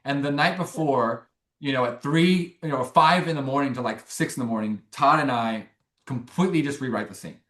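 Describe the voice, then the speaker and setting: A young man, a filmmaker guest, telling a long story in a rambling, animated way with many restarts. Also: mid-range voice, moderate pace, roomy sound. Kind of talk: casual interview storytelling.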